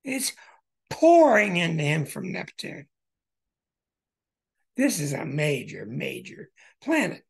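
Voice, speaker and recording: Gravelly, husky male astrologer. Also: a little high, slow, pauses often. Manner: emphatic, bursts of excitement. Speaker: astrologer and show host. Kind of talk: explaining astrology charts.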